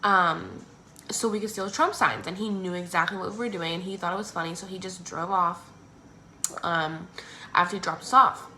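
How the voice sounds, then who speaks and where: A teenage girl telling a personal story in a casual, chatty way, full of "like" and "um", acting out others in squeaky voices. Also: steady tone, moderate pace, bright, forceful tone, a little hiss or hum. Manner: acts out others' lines in squeaky exaggerated voices.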